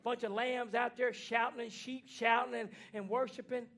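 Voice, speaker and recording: A man preaching a fiery sermon in a church, folksy and plainspoken, swinging from hushed lines to shouting. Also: very high-pitched, flat delivery, moderate pace. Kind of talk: fiery Pentecostal-style sermon.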